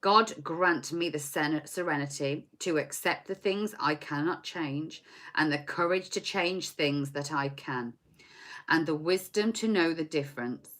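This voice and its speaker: A forty-something tarot reader talks into a laptop or phone mic at her home desk, her low voice a bit bright and a touch slow. The casual live reading wanders, full of chatter, laughter, and self-mockery.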